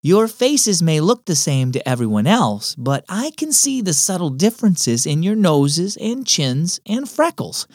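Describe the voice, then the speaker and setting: A calm storybook mom, voiced by a male narrator. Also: on the high side, unhurried, hardly any pauses, dry recording, studio quality, voice pushed up, full character voice. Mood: gentle. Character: gentle mother of twin boys. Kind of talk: storybook reading.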